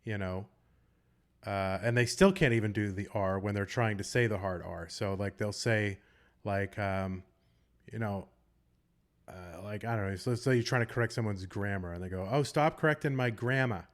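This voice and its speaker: A man's voice: on the low side, steady tone, moderate pace. Chatty man calling a game. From Boston. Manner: chatty, rambling, joking asides. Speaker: tournament commentator. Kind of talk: casual live game commentary.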